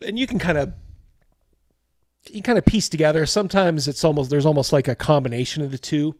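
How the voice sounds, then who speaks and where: A man's voice: a little high, a little fast, no room sound, clean studio sound. A man narrating a tabletop game as game master in a casual, rambling way, laughing often.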